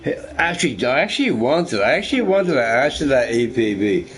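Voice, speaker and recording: A man's voice: mid-range voice, big pitch swings, brisk. A man streaming a game, chatting casually with viewers in a rambling, profane, joking way.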